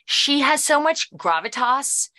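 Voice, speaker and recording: A middle-aged woman being interviewed, an actress and producer chatting casually and animatedly, jumping into quoted voices. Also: unhurried. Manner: animated, lively, jumps into high quoted voices.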